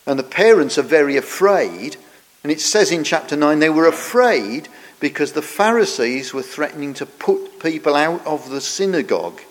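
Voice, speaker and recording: A man preaching a sermon, earnest and explanatory, often trailing off softer at the ends of phrases. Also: mid-range voice. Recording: long church reverb.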